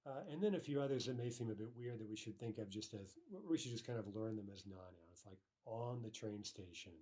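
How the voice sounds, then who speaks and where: Low-voiced man teaching grammar patiently. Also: dark tone. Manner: patient, repeats each phrase slowly twice; fillers and self-corrections. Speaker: language teacher. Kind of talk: recorded grammar lesson.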